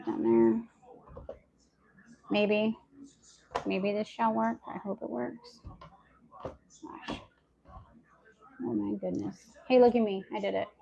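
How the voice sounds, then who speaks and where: Casual, chatty woman who talks to herself and viewers while doing chores at home, raspy gravelly edge. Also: medium pitch, little pitch movement, measured pace, long pauses, warm tone, dull audio, slight background noise. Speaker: homestead lifestyle vlogger. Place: at home, indoors.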